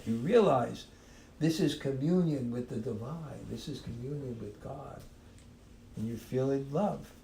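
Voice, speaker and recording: A man gives a devotional talk at a very slow pace, often restarting and repeating words and chuckling now and then. His voice sits at an ordinary pitch, and the recording carries the echo of a reverberant room. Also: darkish tone. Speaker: spiritual teacher. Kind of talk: devotional talk on a live stream. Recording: echoey room.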